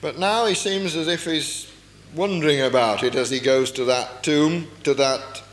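A man's voice: a little high, measured pace. A man preaching a sermon, explaining a Bible passage earnestly and often asking rhetorical questions. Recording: echoey hall with long reverb.

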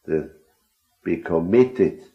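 A man's voice: sits low, animated, extremely slow, vocal fry, dull audio. A man leading a group Bible discussion, earnest and often posing questions to his listeners. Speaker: Bible study speaker.

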